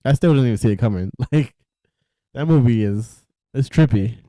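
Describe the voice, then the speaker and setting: A man's voice: medium pitch, expressive, moderate pace, warm tone, no room sound, clean studio sound. A young man co-hosting a podcast, easygoing and chuckling between lines. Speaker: podcast co-host. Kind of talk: casual chat.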